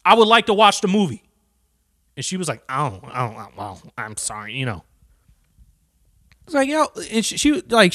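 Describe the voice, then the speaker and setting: A man ranting to camera, cursing constantly and swinging from low muttering to loud, heated outbursts. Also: dry recording, clean studio sound. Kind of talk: profane rant to camera.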